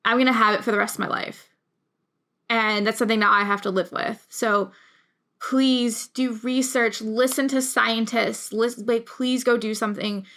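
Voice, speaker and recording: Young woman vlogger, casual, emotional rambler, gravelly low fry at phrase ends. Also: pushed and bright. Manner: rambling, emotional, many restarts. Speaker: YouTube creator. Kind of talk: casual talk to camera.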